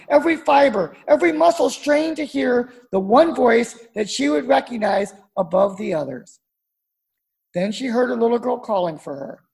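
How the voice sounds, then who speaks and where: Woman pastor preaching, high voice with lots of fry, goes soft and low on the big points. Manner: measured storytelling, dropping soft and low for emphasis. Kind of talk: sermon.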